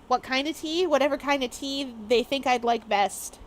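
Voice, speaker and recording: A woman's voice: sits high, normal speed, a little hiss or hum. Bubbly, rambling woman streamer. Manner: bubbly, rambling, laughs often. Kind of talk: casual live-stream chat.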